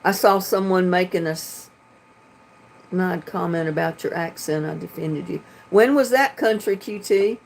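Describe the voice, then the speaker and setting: Lowish and unhurried, with vocal fry and a little hiss or hum on the webcam mic, this voice belongs to a North Carolina woman with a Southern drawl. She hosts a casual livestream from home, reading comments and laughing often.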